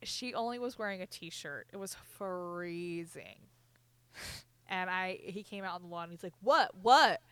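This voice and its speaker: A woman in her twenties co-hosting a podcast, telling a story in a heated, profane way with loud bursts of emphasis. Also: on the low side, moderate pace, clear, resonant tone, no room sound. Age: 20s. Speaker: podcast co-host. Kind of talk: casual chat.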